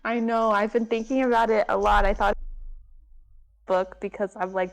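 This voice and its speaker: A woman's voice: medium pitch, steady tone, moderate pace, gravelly, pauses often, rough recording. A woman in a casual book club chat, hesitant and thinking aloud before she answers.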